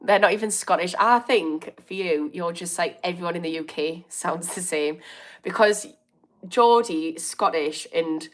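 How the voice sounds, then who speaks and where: A woman's voice: fairly low pitch, measured pace. Chatty Birmingham woman in her thirties, livestreaming. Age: 30s. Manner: chatty, laughs often, reacts to comments with amused indignation. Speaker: recovery coach hosting a livestream. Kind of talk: casual livestream chat reading comments.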